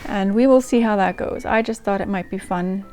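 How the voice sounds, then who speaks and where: A woman's voice: mid-range voice, moderate pace, a little mellow. Woman host chatting to camera, lots of ums and self-deprecating, faint music underneath. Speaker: channel host reading old diaries. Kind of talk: casual chat to camera.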